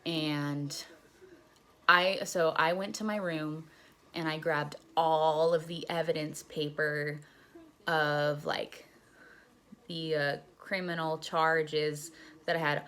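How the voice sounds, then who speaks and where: A woman's voice: sits low, steady tone, takes it slowly, a bit bright. A young woman casually telling a story on her vlog, candid and profane, retelling events with animation. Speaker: vlogger.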